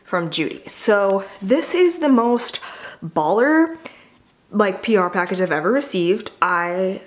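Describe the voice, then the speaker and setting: A woman beauty vlogger and makeup artist, chatting casually and enthusiastically as she unboxes products, with plenty of fillers. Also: medium pitch.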